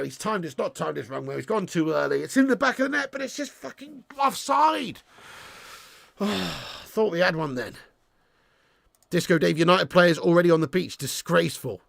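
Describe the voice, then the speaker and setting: A man hosting a live football watch-along, sweary and ranting, bantering with viewers in the chat and shouting at chances on goal. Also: on the high side, creaky, no echo, studio quality. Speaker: fan channel host.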